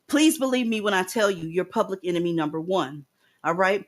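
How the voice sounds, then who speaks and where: A woman's voice: fairly low pitch, animated, brisk. A woman hosting a commentary stream, talking bluntly and lecturing her viewers with profanity. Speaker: commentary host. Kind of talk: casual commentary.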